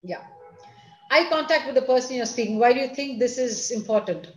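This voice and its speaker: A woman school principal, giving an online lecture to students and parents in an expressive, teacherly manner. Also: a little high, a little fast, echoey room, low-quality recording. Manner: expressive, teacherly, addresses listeners directly.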